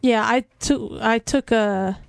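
A woman's voice: fairly high pitch, slow, creaky, no room sound. A woman co-hosting a movie review podcast in casual, teasing chat. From United States. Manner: playful, teasing, laughs often. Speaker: podcast co-host.

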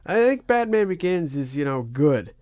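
A man's voice: on the high side, very animated, moderate pace, a little mellow, no room sound. Laid-back wry man co-host. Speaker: podcast co-host. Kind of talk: casual chat.

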